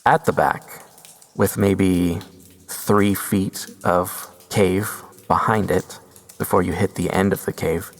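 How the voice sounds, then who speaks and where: A man hosting a podcast, telling a first-person story slowly and deliberately, with suspenseful pauses. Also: sits low, fairly even intonation, vocal fry, long reverb tail. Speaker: podcast host.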